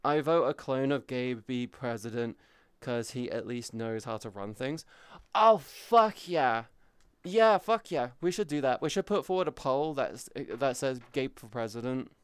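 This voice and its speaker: A man chatting casually on a live stream, swearing freely, reading viewers' messages aloud and softly comforting them. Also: medium pitch, normal speed, few pauses, clean tone, dry recording. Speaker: VTuber streamer.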